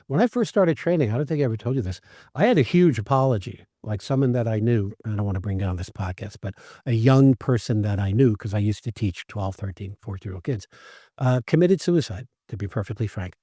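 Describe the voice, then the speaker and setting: Animated male podcast co-host, dry sound. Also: on the low side, brisk, dry recording. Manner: animated storyteller who acts out quoted lines. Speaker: podcast co-host, acting teacher. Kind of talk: casual conversation.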